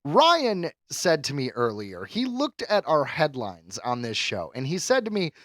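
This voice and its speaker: Wisecracking man with a very lively pitch. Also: measured pace, no echo, clean studio sound. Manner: wisecracking, sarcastic, swears freely. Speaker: podcast co-host. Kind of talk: casual podcast chat.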